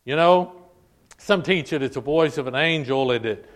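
A man's voice: on the high side, moderate pace. A man preaching a sermon to a congregation, emphatic and repetitive, stretching out key words for stress. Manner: addresses congregation as "folk". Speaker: pastor. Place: church service.

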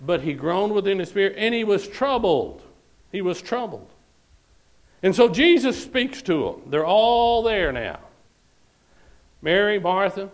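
A man's voice: sits high, poor audio. A man preaching a sermon, reading scripture aloud and pressing each point with repeated phrases and "All right?".

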